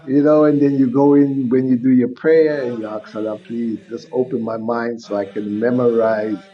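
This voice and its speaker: Older man, earnest and animated. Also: medium pitch, normal speed, muffled recording. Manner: earnest, animated, acts out his own inner voice. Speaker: interview guest, convert. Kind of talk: reflective personal storytelling.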